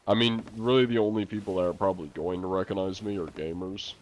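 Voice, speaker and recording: A man's voice: low voice, fairly even intonation, fast talker, a little hiss or hum. A young man streaming, casually answering viewer questions in a loose, rambling way full of fillers and the odd swear word. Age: young adult.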